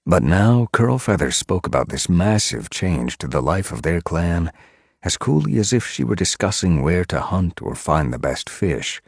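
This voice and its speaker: A man reading an audiobook aloud with expressive storytelling. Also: sits low, moderate pace, vocal fry, breathy edge, no room sound, studio quality. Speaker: audiobook reader. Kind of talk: audiobook narration.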